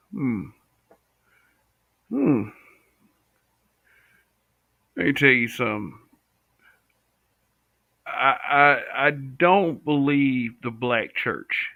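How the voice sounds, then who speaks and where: A man's voice: medium pitch, expressive, extremely slow, creaky, pauses often, dry recording. A man from the American South hosting a casual live stream, speaking bluntly and answering viewers' comments. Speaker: livestream host. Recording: tinny, dry home-stream audio.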